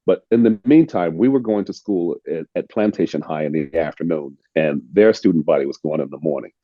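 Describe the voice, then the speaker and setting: Deep-voiced older American man telling stories. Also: no echo, lo-fi sound. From United States (Illinois). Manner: reflective, unhurried, repeats words as he restarts. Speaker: actor, interview guest. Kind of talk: casual storytelling interview.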